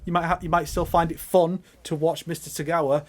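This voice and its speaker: Male co-host, rapid delivery, slightly high voice, playfully pushy. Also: flat delivery. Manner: teasing, insistent. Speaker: podcast co-host. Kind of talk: casual chat.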